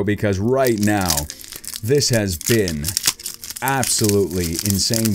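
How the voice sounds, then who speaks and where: A man excitedly opening trading card packs on his channel, calling out each card and gasping at rare pulls. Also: lowish voice. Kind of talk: excited unboxing commentary.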